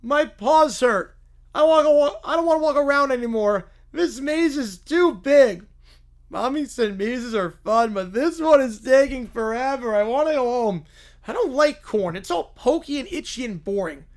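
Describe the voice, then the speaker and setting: A bratty little girl who thinks she's royalty whines and demands in a high, stretched-out voice, as a man puts her on while reading a story aloud. Her complaints come slow and loud. She sounds like a storybook brat. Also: lively intonation. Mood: whiny. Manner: whining, bratty, drawn-out complaints. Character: whiny spoiled little girl playing princess.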